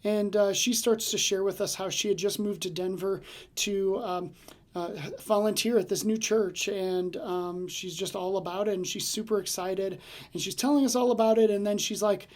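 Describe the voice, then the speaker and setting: A man's voice: sits high, steady tone, moderate pace, a little mellow. A man hosting a casual devotional podcast, telling stories in a chatty way with many fillers and restarts. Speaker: podcast host and ministry leader.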